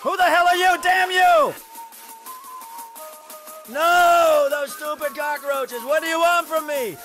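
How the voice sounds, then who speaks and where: A man hosting a reaction video, loudly reacting and yelling at the clips he watches. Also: extremely high pitch, steady tone, slow, music in the background. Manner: loud, yells at the screen, laughs. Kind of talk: excited reaction commentary.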